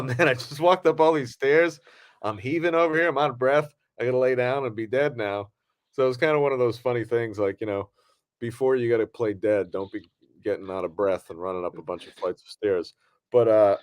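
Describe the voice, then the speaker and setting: A man's voice: medium pitch, no echo, clean studio sound. A man co-hosting a podcast, talking casually in a rambling way with many fillers and restarts. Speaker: podcast co-host.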